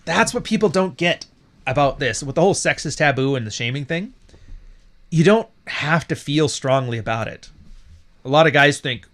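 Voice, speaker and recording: A man's voice: a little high, lively intonation, moderate pace, a bit bright. A man hosting a casual livestream talk, blunt and profane, laughing at his own jokes. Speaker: podcast host.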